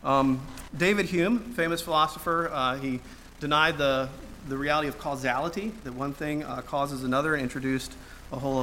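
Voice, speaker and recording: Bright-voiced man preaching conversationally. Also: mid-range voice, a little hiss or hum. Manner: conversational with frequent fillers and restarts; dry humor. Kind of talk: sermon.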